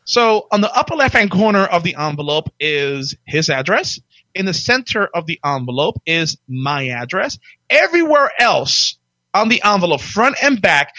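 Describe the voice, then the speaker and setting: A man in his forties telling stories in a casual chat, animated, barking out impressions of drill instructors. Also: sits high, moderate pace, no echo. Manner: animated, acts out drill instructors in loud barks. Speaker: podcast guest telling his life story.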